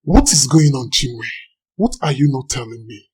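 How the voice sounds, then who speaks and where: A man's voice: mid-range voice, lively intonation, normal speed, darkish tone, slightly rough, poor audio. A man playing a young fiancé who presses his partner with suspicious questions. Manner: interrogating, pressing.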